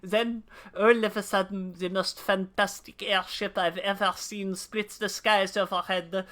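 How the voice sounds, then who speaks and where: A woman voicing a gruff old male soldier with a put-on accent mixing German and French. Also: medium pitch, steady tone, measured pace, a bit bright, natural voice. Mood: solemn. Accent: mock German-French mix. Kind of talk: voicing game dialogue while streaming.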